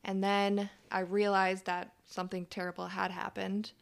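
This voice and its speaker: Young woman, twenties, clear smooth voice, even monotone, matter-of-fact telling. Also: mid-range voice, moderate pace. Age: 20s. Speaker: interview guest. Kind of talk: personal account in an interview.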